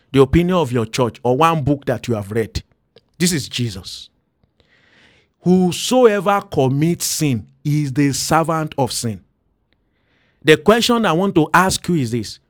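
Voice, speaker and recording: A man hosting a daily devotional podcast as a pastor, preaching earnestly and slowing down to stress key words. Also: on the high side, dry recording, studio quality.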